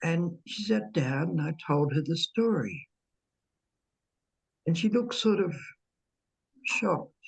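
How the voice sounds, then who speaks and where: A woman slowly recounting a personal ghost story in casual conversation, hesitant, with fillers and repeated words. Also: lowish voice, animated, vocal fry, husky. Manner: unhurried, dwelling on details. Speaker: medium telling her own ghost stories.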